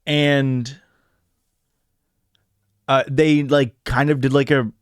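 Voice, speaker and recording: A man's voice: medium pitch, little pitch movement, extremely slow, smooth, no echo, studio quality. A man hosting a podcast in a casual livestream chat, rambling and hesitant, full of "like" and "um" fillers. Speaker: podcast host.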